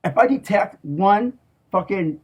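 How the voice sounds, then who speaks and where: A man with a somewhat high, husky voice rants in a profane, menacing monologue. He talks slowly and emphatically, leaning on his words and tagging his threats with a questioning "okay?". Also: animated, darkish tone. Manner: profane and menacing, with heavy swearing; slow, emphatic, repeats "okay?". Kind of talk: ranting monologue.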